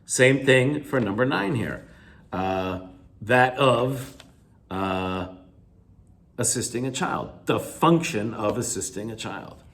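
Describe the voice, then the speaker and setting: An English teacher with an expressive, gravelly voice moves slowly through reading answers in a recorded lecture, restating key words with simpler synonyms and repeating himself. On examples his pitch stretches upward, and he lets the ends of phrases go quiet.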